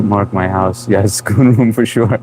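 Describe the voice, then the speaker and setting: A man hosting a casual livestream outdoors, chatting and reading comments in a relaxed, laughing way, with an accent that blends Indian and New England. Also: on the low side, unhurried, slight background noise, low-quality recording. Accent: mix of Indian and New England. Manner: relaxed, chatty, laughs often, trails off in restarts. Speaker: livestream host. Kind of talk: casual live-stream chat reading comments.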